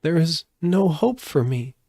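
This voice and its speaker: A man voicing a tearful, despairing little girl in a storybook reading, pleading in a high, sobbing voice. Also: animated, a little slow, mellow, no room sound, studio quality. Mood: sad.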